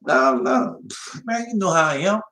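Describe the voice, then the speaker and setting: Man preaching hard, high voice, goes loud then quiet, reads scripture real slow, room echo. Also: lively intonation. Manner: emphatic, swinging from loud to soft, mocking asides; slow, drawn-out scripture reading. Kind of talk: fiery Bible-study sermon.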